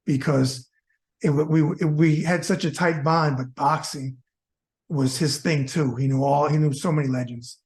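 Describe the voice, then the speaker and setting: Unhurried and on the high side, with fairly even intonation, a former boxer from South Florida talks directly to the viewers of his own show. His personal story comes across folksy and heartfelt.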